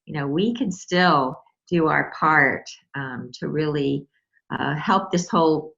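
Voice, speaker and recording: An older woman speaking as a guest, thoughtful and gentle, with halting phrasing. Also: deep voice, creaky, muffled recording. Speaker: guest, caregiver wife. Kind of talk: casual conversation.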